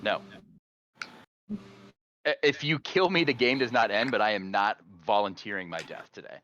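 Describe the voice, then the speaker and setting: A man playing a voice-chat deduction game, defending himself in a measured, argumentative way. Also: fairly low pitch, bright, forceful tone. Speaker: player. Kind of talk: arguing his case in a voice-chat game. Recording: dull voice-chat audio with faint hiss.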